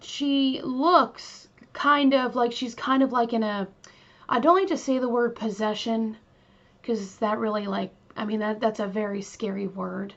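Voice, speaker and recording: Slow, chatty woman hosting true crime. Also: fairly high pitch, fairly even intonation, fairly bright tone. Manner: chatty, many fillers, talks to listeners directly. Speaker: true crime podcast host. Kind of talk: casual storytelling. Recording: slightly dull lo-fi recording.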